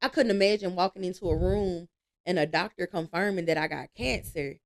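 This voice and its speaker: A woman, telling stories with lively energy and easy laughs as a guest in a casual interview. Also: on the low side, fairly quick. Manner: lively storytelling, laughs easily.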